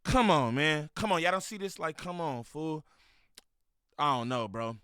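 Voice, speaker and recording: Loud, mocking man with a bright voice. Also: on the high side, animated, moderate pace, clean tone, no echo, studio quality. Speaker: reaction commentator. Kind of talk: profane reaction commentary.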